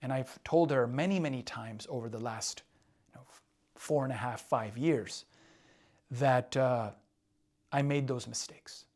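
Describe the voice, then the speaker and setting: Man, mid-pitched voice, relationship coach, candid confessional advice, repeats words, asks "right?". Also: unhurried, long pauses, darkish tone. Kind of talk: casual advice talk. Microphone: drawing on a board while talking.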